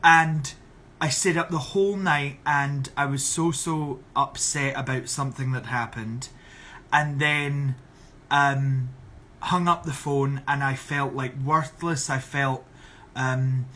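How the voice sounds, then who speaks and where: A man's voice: medium pitch, sharp tone, a little hiss or hum. A young Scottish man on a casual live stream, reading out viewer questions and answering in a chatty, sarcastic way. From Scotland. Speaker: drag performer on a live stream.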